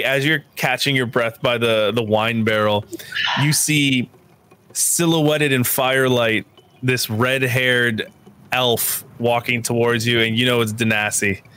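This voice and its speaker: A man's voice: medium pitch, fairly even intonation, a little slow, sharp tone, slight background noise. A man narrating as game master in a casual, loose way, often saying kinda and like. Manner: casual, laughing, uses fillers like "kinda".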